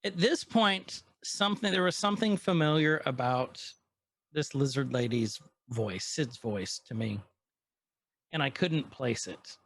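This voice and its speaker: Recapping an episode on a casual podcast, this co-host speaks in a mid-range voice at a slightly slow pace, acting out quoted lines from the characters with animation. There's no room sound in the recording.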